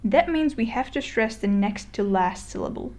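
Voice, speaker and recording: A woman's voice: on the high side, animated, a little mellow. Chatty woman teaching a language lesson. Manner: chatty, many fillers and restarts, slows to model words. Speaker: Spanish teacher. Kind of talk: casual explainer lesson. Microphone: voice-over on a screen recording.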